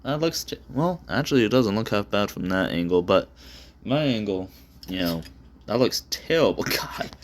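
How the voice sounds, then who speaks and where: This vlogger sketches on camera while chatting into a phone on his desk, his very deep voice carrying lively intonation at a moderate pace. He rambles, uses plenty of fillers and curses, and puts himself down, with a faint hiss audible beneath.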